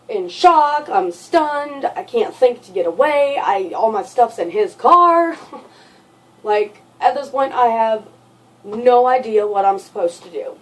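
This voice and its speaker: A young adult woman telling a personal story in a vlog, halting and looping back over details with lots of fillers. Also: fairly high pitch. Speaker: vlogger. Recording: voice sits far from the mic.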